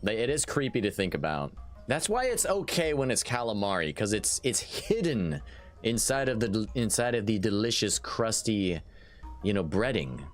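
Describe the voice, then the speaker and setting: A man streaming a strategy game live, commentating in an excitable, jokey way and often restarting his sentences. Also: fairly low pitch, moderate pace, faint music behind. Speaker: gaming streamer.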